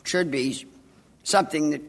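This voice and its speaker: A woman's voice: deep voice, a little slow. An actress playing an imperious, cutting middle-aged woman in a radio drama. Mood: mocking. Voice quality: sarcastic, cutting.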